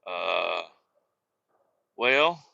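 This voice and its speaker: A man's voice: sits low, big pitch swings, drawn-out words, creaky, bright, forceful tone, muffled recording. A man hosting his own podcast, rambling casually and profanely from inside a work truck, often breaking off mid-thought. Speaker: podcast host.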